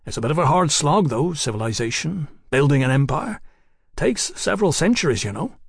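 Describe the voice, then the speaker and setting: A worldly Victorian gentleman, condescending and clipped, talking down with dry politeness, as a man reads him in a storybook. The sound is close and dry. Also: fairly high pitch, big pitch swings, a little fast, gravelly, husky, no room sound, heavily acted. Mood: patronizing.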